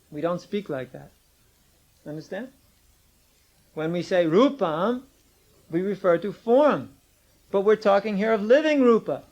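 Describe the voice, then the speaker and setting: A man lecturing a class, teasing and arguing with students and pressing his point with emphatic insistence, on an old cassette tape recording. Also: low-quality recording. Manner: teasing, argumentative, rises to emphatic high-pitched insistence.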